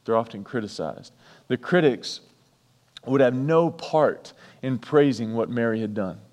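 A pastor preaching a sermon, repeating key lines for emphasis and breaking off for chatty asides. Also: male voice, medium pitch, expressive, unhurried, a little mellow, big-room sound.

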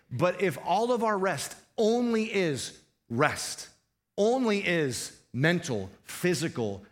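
A man preaching from the pulpit, his voice sitting a little higher than most men's. He talks to the congregation casually, throwing rhetorical questions out to them as he goes. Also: a bit bright. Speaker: pastor. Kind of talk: sermon.

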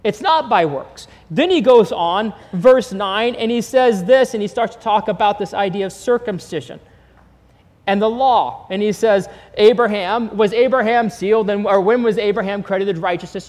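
A male pastor with a fairly high voice preaches in a casual, storytelling way. He throws rhetorical questions at the room. His words ring out with a long reverb, as in a large church hall. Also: normal speed, darkish tone. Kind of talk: sermon.

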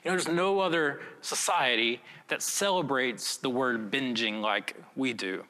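Young male pastor, bright voice, earnest conversational preaching, long hall reverb. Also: mid-range voice, unhurried. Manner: earnest, conversational preaching with frequent "right?" asides. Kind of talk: filmed video sermon.

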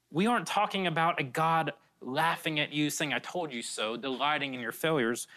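A man's voice: on the high side, a bit bright. A middle-aged man, a pastor, preaching an earnest, conversational sermon with repeated phrases and frequent restarts.

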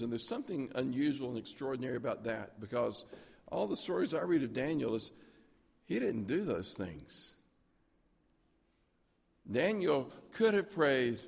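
Gravelly-voiced pastor preaching in a reverberant hall. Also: male voice, mid-range voice. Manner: storytelling, earnest, drops to a hushed voice for prayers. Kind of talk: sermon.

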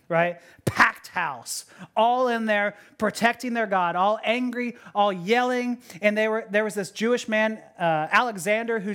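A woman pastor delivers a lively sermon. She talks casually, laughs between thoughts, trips over repeated words and keeps asking the listeners questions. Her voice sits at an ordinary pitch for a woman. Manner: animated, laughing often, repeats words, many rhetorical questions.

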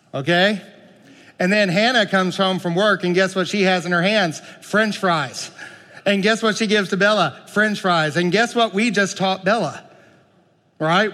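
A male pastor preaching a sermon, moving between loud pleading and quiet, conversational asides. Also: high voice, big-room sound.

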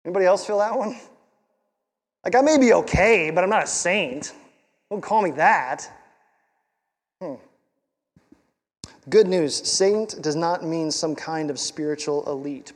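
A man's voice: high-pitched, big-room sound. A male pastor preaching a sermon in a conversational, emphatic way, with rhetorical questions and repeated words for stress.

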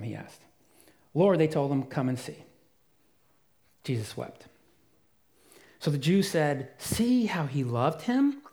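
A man preaching a sermon as pastor, earnest and emphatic, dropping to a soft voice for quiet moments. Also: a little high.

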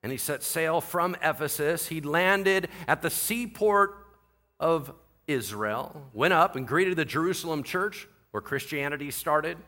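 Lively, bright-voiced man preaching a sermon. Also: fairly high pitch, a little slow. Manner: animated storytelling, voices others in quotes, swings from quiet to shouting. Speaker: pastor.

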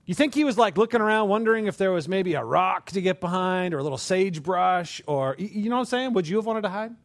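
A man preaching a sermon with animated delivery, rhetorical questions and repeated words. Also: sits high, fast, no echo. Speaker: pastor.

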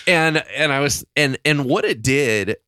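A man's voice: fairly high pitch, a little slow, pushed and bright, clean tone, dry recording, clean studio sound. A man co-hosting a podcast in a casual discussion, telling stories expressively and acting out his own reactions. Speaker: podcast co-host.

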